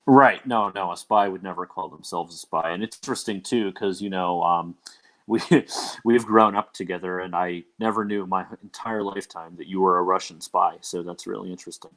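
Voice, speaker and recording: A man's voice: low voice, moderate pace, fairly bright tone. A young man hosting a casual livestream podcast, talking in a loose, rambling way with many ums and uhs. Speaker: podcast host.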